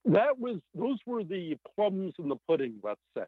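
A novelist being interviewed, talking in an animated, emphatic way with many fillers over a remote line. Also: male voice, high-pitched, normal speed, slightly rough, no echo. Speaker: novelist guest. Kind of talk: podcast interview. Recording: tinny phone-like line.

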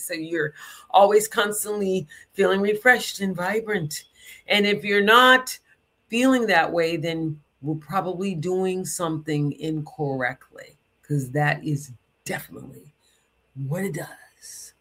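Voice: medium pitch, a little slow, fairly bright tone. Emphatic speaker in a loose spiritual talk. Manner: emphatic, stretches words for stress; conversational, loose, with asides. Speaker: spiritual teacher.

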